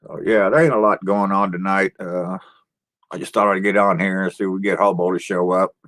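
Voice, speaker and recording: A laid-back man chatting on his own live stream, welcoming viewers by name. His talk is homespun and unhurried, broken by easy sighs as he rambles about his day. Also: deep voice, steady tone, a bit bright. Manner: homespun rural speech. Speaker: livestream host. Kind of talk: casual live-stream chat greeting viewers.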